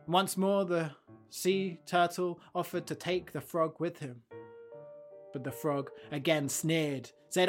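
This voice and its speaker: A man hosting a podcast, telling a fable and then reflecting on it in a gentle, thoughtful way. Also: on the high side, a little slow, soft background music. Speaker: podcast host. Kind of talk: storytelling and reflective commentary.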